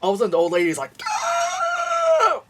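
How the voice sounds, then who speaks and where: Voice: medium pitch, very fast, distant mic, noisy background. A movie reviewer ranting casually about a film, swearing freely and rambling through fillers and restarts.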